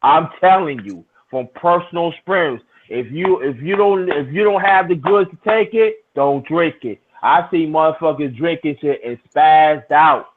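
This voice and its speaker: A man's voice: a little high, normal speed, few pauses. A middle-aged man telling a rowdy, profane story in casual chat, full of restarts. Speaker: storyteller in a hangout. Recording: tinny, phone-like lo-fi sound.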